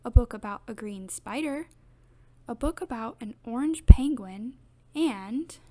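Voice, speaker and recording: A woman reading a children's picture book aloud in steady, gentle narration. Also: on the high side, measured pace. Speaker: storybook reader.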